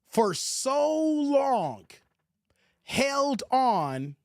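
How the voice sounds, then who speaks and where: A man hosting a livestream who talks about movies in a casual, animated, slangy way. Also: sits high, dry recording, studio quality. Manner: animated, slangy, laughs often. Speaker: livestream host.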